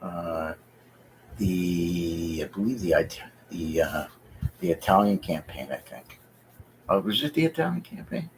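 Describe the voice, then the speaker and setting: A deep-voiced man talking loosely on a home live stream, stopping often to search for words and second-guess himself. A faint hum sits behind his voice. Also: lively intonation, unhurried, rough recording. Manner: rambling, hesitant, thinking aloud with many fillers. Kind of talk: casual live-stream chat. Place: home basement.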